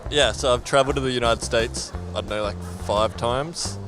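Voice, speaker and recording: A man's voice: mid-range voice, moderate pace. An Australian man answering a street interview hesitantly, filling gaps with "like". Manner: hesitant, lots of "like". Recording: music under outdoor interview.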